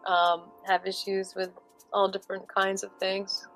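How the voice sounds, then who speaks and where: A woman musician in a casual interview, chatty and animated, with lots of fillers. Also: mid-range voice, measured pace, soft background music, rough recording. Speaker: musician guest.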